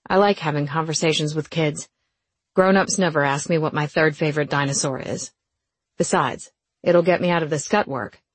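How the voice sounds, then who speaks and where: A woman voicing an easygoing young man who jokes a lot but gives calm, dry advice in an audiobook. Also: sits low, normal speed, breathy edge, no echo. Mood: teasing.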